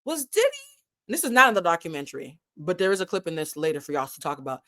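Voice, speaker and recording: Animated woman with a New England accent. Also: sits low, racing. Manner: animated, digressive, swears freely, wide swings in loudness. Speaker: commentary channel host. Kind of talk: casual live commentary.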